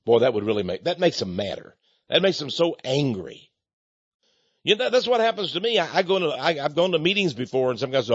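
A man preaching for his ministry mocks and sneers sarcastically, breaking into scornful laughs. His slightly high voice is sing-song, brisk and husky, and the lo-fi recording sounds dull, with no room sound.

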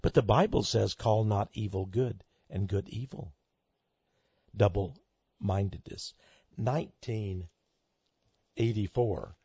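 A man preaching a sermon to listeners he calls friends, swinging between loud outbursts and hushed asides. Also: lowish voice, slow, pauses often, husky, dry recording. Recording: dull lo-fi recording.

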